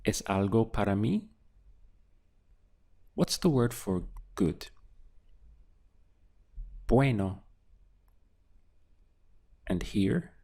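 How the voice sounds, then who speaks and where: A low-voiced man leads a drill-style language lesson. He speaks very slowly and with a gravelly edge, setting out each phrase and then answering it word by word. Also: lively intonation, dark tone. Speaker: language teacher.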